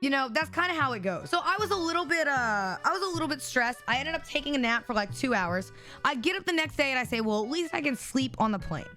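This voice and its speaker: A young woman streamer telling an animated storytime, talking straight to her chat. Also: sits high, fast talker, soft background music. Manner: animated, addresses chat directly. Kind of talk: storytime vlog.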